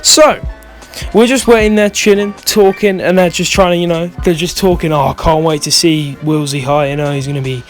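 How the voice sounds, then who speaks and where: A man's voice: a little high, steady tone, moderate pace, faint music behind. A young man telling a rambling, swear-filled storytime in a vlog, often losing his thread. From United Kingdom. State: stoned. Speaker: vlogger.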